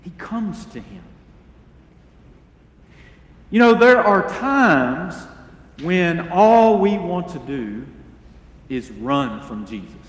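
A man preaching a sermon as pastor, earnest and deliberate, asking the congregation rhetorical questions. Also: high-pitched, sing-song, reverberant, long reverb tail. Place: church sanctuary.

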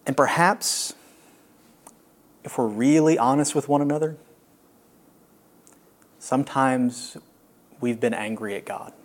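A man preaching a sermon as a pastor, earnest and reflective, with long pauses. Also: mid-range voice.

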